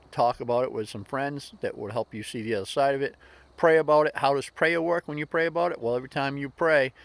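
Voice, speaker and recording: A man hosting a daily inspirational video, telling a story in a folksy, earnest way and often repeating words as he thinks. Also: medium pitch. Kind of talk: casual motivational talk with storytelling.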